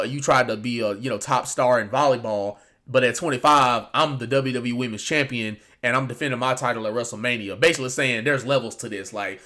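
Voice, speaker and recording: A man's voice: mid-range voice, bright, forceful tone. A man giving casual, rambling reaction commentary on a show, with lots of fillers and restarts. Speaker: wrestling commentary YouTuber.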